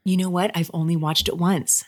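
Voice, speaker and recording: A woman's voice: fairly low pitch, little pitch movement, fairly quick. A woman talking casually as an interview guest, gushing and restarting her sentences often. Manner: chatty, gushing, many restarts and fillers. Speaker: actress and guest. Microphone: podcast microphone.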